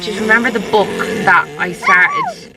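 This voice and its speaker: A woman's voice: a little high, huge pitch swings, moderate pace, very noisy. Chatty woman vlogger in her thirties. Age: 30s. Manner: chatty, laughs often, self-deprecating. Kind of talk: casual vlog chat. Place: in a car on a rainy road trip.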